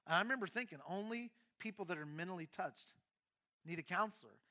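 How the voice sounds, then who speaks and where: Bright, high-voiced man pastor. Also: fast. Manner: candid storytelling, mixing quiet and emphatic moments. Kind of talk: sermon testimony.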